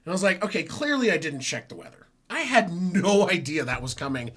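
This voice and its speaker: A man's voice: high-pitched, sing-song, brisk, hardly any pauses, fairly bright tone. A man hosting a live football reaction stream from home, talking casually in a rambling, self-correcting way. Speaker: sports stream host.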